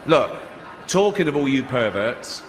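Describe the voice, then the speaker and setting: Mocking stand-up comedian in a big hall. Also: male voice, mid-range voice, measured pace. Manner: dry, mocking, deadpan asides. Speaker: stand-up comedian and awards host. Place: large theatre on stage. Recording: live hall reverb, faint audience noise.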